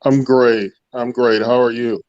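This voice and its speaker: A man's voice: medium pitch, little pitch movement, measured pace, darkish tone, no room sound. A man calling in to a livestream, insistent and probing with his questions. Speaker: caller. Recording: dull lo-fi call audio.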